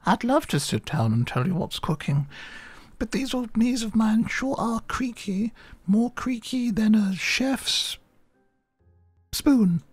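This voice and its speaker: Give me a frail old grandma chef, put on by a man in a high, quavering falsetto. She speaks slowly and sweetly, wheedling her way along with a scheming edge. It is a comic game voice. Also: expressive, breathy edge, no echo, soft background music, exaggerated voice.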